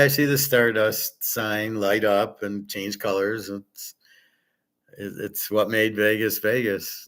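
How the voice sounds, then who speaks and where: Relaxed and unpolished, a man with a somewhat low voice rambles through his livestream, answering chat and drifting from subject to subject. He never sounds scripted, and his opinions come out blunt.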